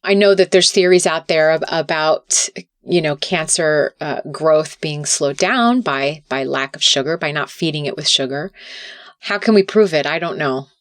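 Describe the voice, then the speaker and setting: A woman's voice: low-pitched, moderate pace, no echo, studio quality. A middle-aged woman talking earnestly as a podcast guest, sometimes repeating words as she restarts. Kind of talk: casual interview talk.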